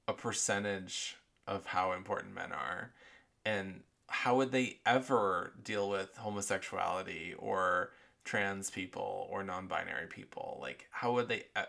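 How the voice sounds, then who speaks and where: A man's voice: sits low, vocal fry, bright, forceful tone. A man hosting a podcast, talking in a rambling, profane way with many filler words, his voice affected by allergies. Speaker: podcast host. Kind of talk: casual monologue podcast.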